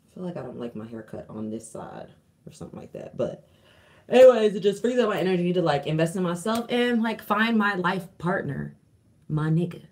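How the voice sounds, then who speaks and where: A woman's voice: lowish voice, very animated, brisk, darkish tone. A young woman chatting casually and candidly to her viewers during a livestream from home, slangy and swearing freely. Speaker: vlogger.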